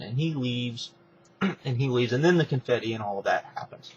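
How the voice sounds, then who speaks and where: A man's voice: medium pitch, normal speed, husky, rough recording. Man casually retelling a wrestling storyline. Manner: animated retelling, acting out each character. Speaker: wrestling fan pitching a storyline.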